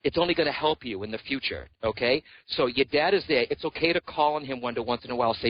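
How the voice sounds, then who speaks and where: A man's voice: medium pitch, animated, fast, hardly any pauses, no echo, muffled recording. A man giving a psychic reading on a radio show, talking in an earnest, reassuring way and often calling the caller by name. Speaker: psychic medium guest.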